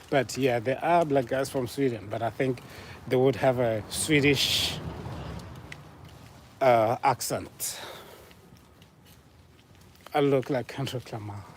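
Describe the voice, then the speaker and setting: A man's voice: mid-range voice, a little hiss or hum. A man with a Southern African accent, playfully teasing viewers as he answers their guesses in a casual live stream. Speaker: livestream host reading chat.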